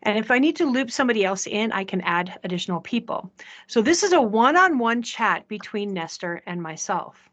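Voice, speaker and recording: A woman presenting a software demo in a chatty way, often checking in with the audience. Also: medium pitch, lively intonation, a little fast, lo-fi sound. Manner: chatty, asks "right?" often. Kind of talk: live software demo talk.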